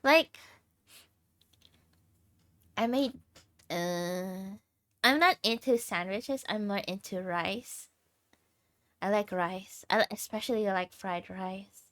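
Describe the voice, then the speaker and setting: Young woman, livestreamer, tired, laid-back chat, lots of laughs, drawn-out pace, mid pitch. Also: a bit bright, no room sound. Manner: laughs often while chatting. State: tired, sleep deprived. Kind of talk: casual chat with viewers.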